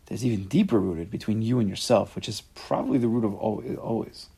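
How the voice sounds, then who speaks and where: Gravelly man teaching an informal class. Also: fairly low pitch, a little fast. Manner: animated, acts out quotes with sudden loud rises.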